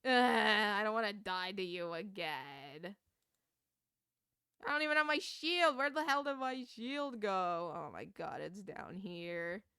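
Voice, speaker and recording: Young woman streamer ranting + swearing, smooth clear voice, super dry close sound. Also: mid-range voice, animated, pushed and bright, no echo. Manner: ranting, swearing, quick laughs. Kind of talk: casual gaming stream chat.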